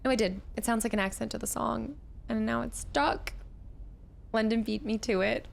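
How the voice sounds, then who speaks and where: A woman streamer chatting through a game, thanking viewers and reacting loudly to the action. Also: on the high side, moderate pace, gravelly. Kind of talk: live gameplay commentary.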